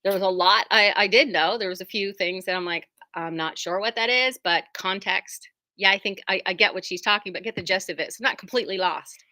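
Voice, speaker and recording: A woman's voice: medium pitch, a little fast, sharp tone, no echo. A woman who runs a quilt shop, showing off new fabrics in a chatty, rambling, self-deprecating way from inside her shop. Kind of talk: casual product showcase.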